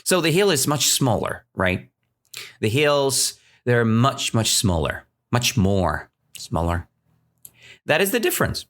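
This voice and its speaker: A man with a Russian accent tells a story to teach English, speaking unhurriedly and often asking "right?". His pitch swings high and low with lively expression. His steady pace leaves room for learners to follow. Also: slow. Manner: animated, keeps checking in with "right?".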